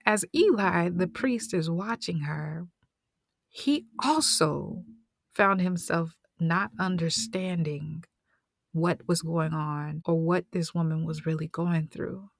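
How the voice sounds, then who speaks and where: A woman retelling a story, slangy and conversational, slipping into whispered asides. Her voice sits low, her pace slow, and the sound is close and dry. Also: gravelly, no echo.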